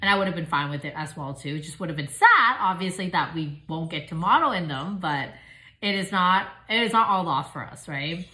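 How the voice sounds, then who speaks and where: A woman filming a casual unboxing vlog at home, chatty and gushing with excitement. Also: lowish voice, a little fast, rough recording. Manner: gushing, excitable, squeals and gasps. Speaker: vlogger unboxing a package. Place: home, filming with pets nearby.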